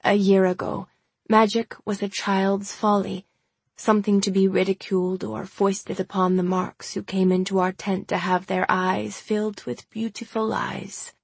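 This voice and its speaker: A woman reading the lines of a tired, frightened man who is a circus clown, speaking weakly in a halting, formal way. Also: medium pitch, level tone, creaky, breathy edge, dry recording. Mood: weak, haunted. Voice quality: weak voice.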